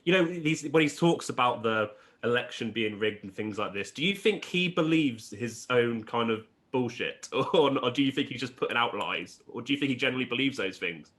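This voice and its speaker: A man's voice: medium pitch, lively intonation, fairly quick, few pauses, fairly bright tone. A man hosting a podcast interview, asking questions in a hesitant way with frequent restarts. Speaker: podcast host. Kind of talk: casual interview chat.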